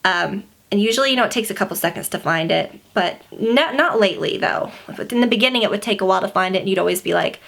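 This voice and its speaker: A woman's voice: mid-range voice, quick pace, vocal fry, hardly any pauses, fairly bright tone. A young woman chatting casually to camera as a beauty vlogger, filling her talk with "like" and "you know.". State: pregnant.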